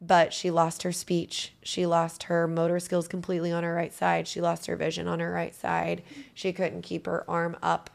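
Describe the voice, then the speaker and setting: Gravelly low-voiced woman telling her story. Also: monotone, moderate pace, few pauses. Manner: earnest, emotional storytelling. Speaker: guest. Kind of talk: personal testimony in an interview.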